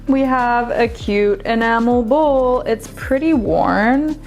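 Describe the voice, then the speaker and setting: A woman's voice: on the high side, slow pace. A young woman chatting casually and enthusiastically as she shows off her thrift finds, trailing off and restarting now and then. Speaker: vlogger showing thrift finds. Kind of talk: casual show-and-tell chat. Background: faint background music.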